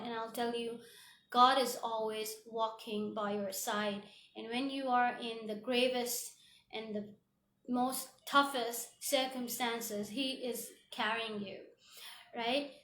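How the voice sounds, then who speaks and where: Woman, motivational vlogger, earnest and heartfelt, fairly high voice, roomy echo. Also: fairly bright tone, a little hiss or hum. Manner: earnest, heartfelt, many fillers. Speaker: motivational speaker. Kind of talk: motivational vlog talk. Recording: echoey room.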